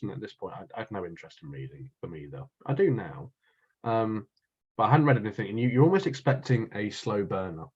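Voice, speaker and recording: A man's voice: mid-range voice, husky. Rambling man, dull lo-fi sound. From North East England. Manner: rambling, restarts often. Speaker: podcast co-host. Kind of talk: casual chat.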